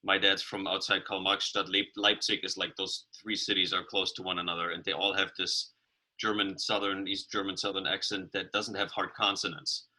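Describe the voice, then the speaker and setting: A man speaks on a video call in a lowish voice with a bright, forceful edge. He is reflective and loose, often restarting his sentences as he tells a story in an online meeting. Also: level tone, moderate pace, rough recording. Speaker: meeting participant. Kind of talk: casual sharing in an online meeting.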